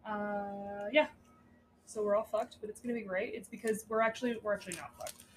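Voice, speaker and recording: A woman's voice: medium pitch, fairly even intonation, brisk, faint music behind. A woman co-hosting a podcast, chatting casually about astrology and spirituality, swearing freely and laughing often. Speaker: podcast co-host. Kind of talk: casual chat.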